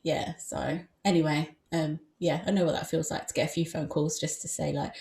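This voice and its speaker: Young woman with a gravelly voice. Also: low voice, little pitch movement, fairly quick, few pauses, a little mellow. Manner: hesitant, many fillers. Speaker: podcast host. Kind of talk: conversational podcast interview. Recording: roomy echo.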